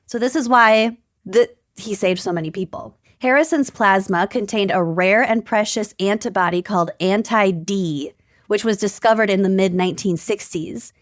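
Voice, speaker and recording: A woman's voice: medium pitch, moderate pace, no echo, studio quality. A young adult woman co-hosting a podcast, reading out a story with quotes and adding chatty asides. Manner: reads facts and quotes, then adds chatty asides. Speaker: podcast co-host.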